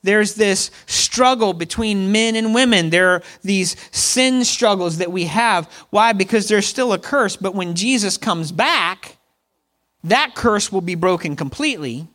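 A middle-aged man delivers a sermon in a conversational way. His voice sits a little high, and he keeps calling on the congregation to repeat lines back to him. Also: animated, a little slow, bright, forceful tone. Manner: conversational preaching with congregation call-and-response. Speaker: pastor.

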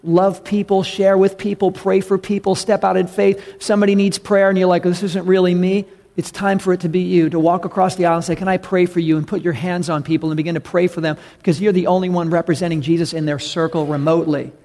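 Pastor, male, fairly high gravelly voice, earnest emphatic sermon delivery. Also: little pitch movement, quick pace, hardly any pauses. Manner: earnest preaching, rising to loud emphatic calls.

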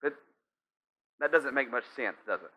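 A man's voice: medium pitch, animated, normal speed, pushed and bright. A man preaching a sermon in a conversational, storytelling way, with frequent asides to the listeners. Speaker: pastor. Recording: slightly dull lo-fi sound.

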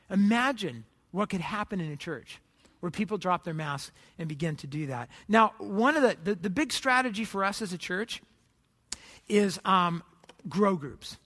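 A man's voice: high voice, a little fast, fairly bright tone, long reverb tail. A man preaching a sermon as pastor, earnest and conversational, acting out little scenes from church life.

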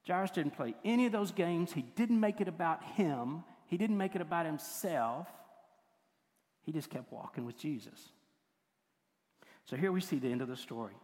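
An older man preaching a sermon as pastor, moving between forceful points and hushed, tender passages. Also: sits high. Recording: long hall reverb.

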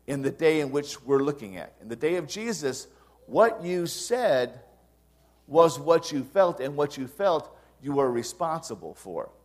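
Pushing into emphatic rises to drive his points home, a male pastor delivers a sermon earnestly and conversationally. His pitch is fairly high.

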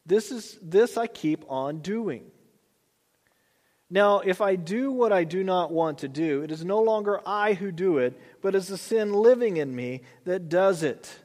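High-voiced man preaching in a reverberant hall. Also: lively intonation, darkish tone. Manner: reads scripture slowly, then preaches with rising emphasis. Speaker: pastor. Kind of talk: sermon.

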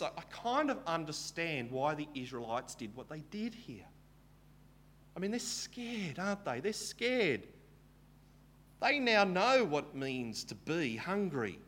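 A man preaching a Bible teaching sermon, retelling the story casually and asking rhetorical questions. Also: sits high.

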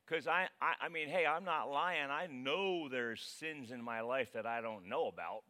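A man preaching a casual, conversational sermon as pastor, dramatic and animated. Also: mid-range voice, normal speed.

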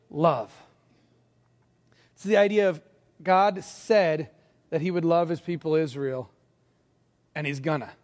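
A middle-aged man preaching a sermon, telling personal stories in a relaxed, conversational way with some laughter. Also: high-pitched. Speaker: pastor. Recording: long reverb of a large hall.

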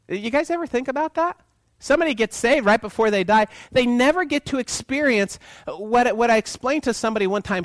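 A man preaching with a lively, swooping voice that sits a little higher than most men's. He keeps asking the congregation questions and slips into little acted voices for the people in his stories. The sound is close and dry, with almost no room around it. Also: dry recording. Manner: animated, asks the congregation questions, acts out voices in quotes. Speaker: pastor. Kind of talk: sermon.

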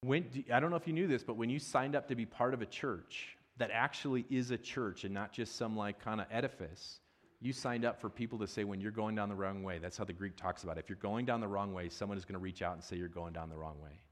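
Pastor guy preaching casual, kinda low voice, chatty, lots of asides and questions to the crowd. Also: steady tone, fast talker. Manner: chatty and self-deprecating, with frequent asides and audience questions. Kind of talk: conversational sermon.

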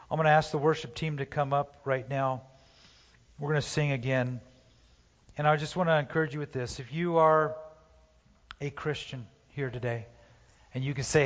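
A man preaching a sermon, impassioned, swinging from loud urging to hushed pleading, recorded in a church sanctuary. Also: on the high side, fairly even intonation, moderate pace. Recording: dull, roomy church hall sound.

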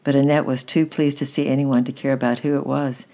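A woman gently reading a children's story aloud at an unhurried pace. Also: extremely low pitch, flat delivery.

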